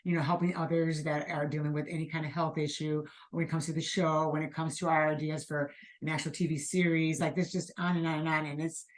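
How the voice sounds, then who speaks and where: A woman's voice: low voice, flat delivery, fast talker, hardly any pauses. A woman co-hosting a casual show, chatting and laughing with her husband. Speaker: co-host. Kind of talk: casual podcast chat.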